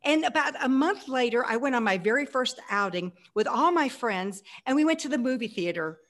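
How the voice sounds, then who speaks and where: A woman in her sixties telling her life story as an interview guest, animated and acting out her past self. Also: a little high, fairly quick. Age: 60s.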